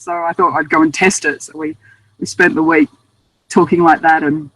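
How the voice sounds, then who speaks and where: A woman's voice: sits low, little pitch movement, moderate pace, fairly bright tone, dry recording, rough recording. A woman with an Australian accent, a guest author telling travel stories in a chatty, self-amused way. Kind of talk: casual interview storytelling.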